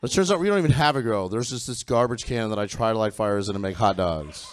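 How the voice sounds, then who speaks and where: A man's voice: lowish voice, lively intonation, quick pace. A middle-aged man performing a stand-up comedy set on a theatre stage, campy and self-deprecating, with punchy lines and frequent giggles.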